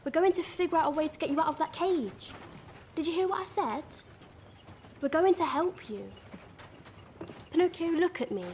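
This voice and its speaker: A woman's voice: extremely high pitch, normal speed, long pauses, a little mellow, a little hiss or hum. An actress playing a kind young woman puppeteer who speaks earnestly and soothingly. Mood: reassuring.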